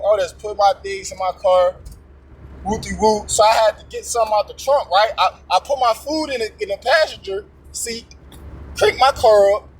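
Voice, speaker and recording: A man's voice: sits high, breathy edge, rough recording. A man casually telling a testimony story, acting out both sides of a tense confrontation in streetwise slang. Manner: streetwise slang with frequent profanity.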